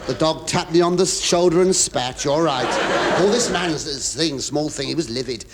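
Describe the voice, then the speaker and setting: An English comedian hosting a radio show, telling a rambling monologue full of stammers, asides and confiding remarks to the audience. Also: male voice, on the high side, unhurried, a loud crowd. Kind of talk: stand-up comic monologue to a studio audience. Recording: hissy 1970s radio recording.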